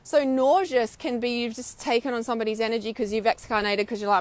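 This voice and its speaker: Woman with a slightly high voice, intuitive-healer type, teaching to camera in a loose, animated way with casual swearing. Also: fast, no room sound. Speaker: intuitive healer and spiritual mentor. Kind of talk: spiritual teaching talk to camera. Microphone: filming herself on camera.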